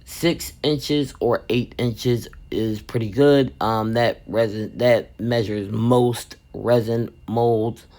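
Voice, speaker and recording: Woman, gravelly voice, chatty craft vlogger, lively storyteller. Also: very deep voice, takes it slowly, hardly any pauses. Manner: lively, chatty, addresses viewers as "baby". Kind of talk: casual storytelling and craft tips.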